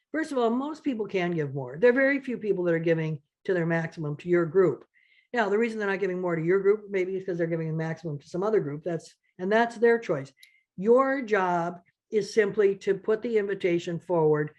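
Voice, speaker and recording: A woman's voice: mid-range voice, darkish tone, dull audio. A woman giving a workshop lecture in a conversational way, with many fillers and restarts, often acting out what donors say. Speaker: fundraising trainer.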